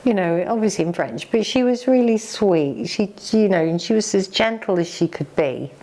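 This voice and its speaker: A middle-aged English woman co-hosting a vlog, candidly and emotionally retelling a hard experience, halting and choked up at times. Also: mid-range voice, animated, dark tone. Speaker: vlog co-host. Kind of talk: candid conversation.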